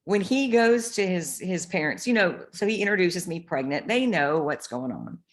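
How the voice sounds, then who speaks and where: A middle-aged woman co-hosts a podcast in a lowish, animated voice at normal speed. She chats casually, shares candid stories and swears freely.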